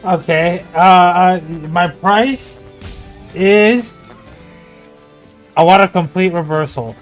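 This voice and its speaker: A man's voice: high voice, slow pace, soft background music. A man playing a tabletop game, stammering and hesitant, with sarcastic turns. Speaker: player.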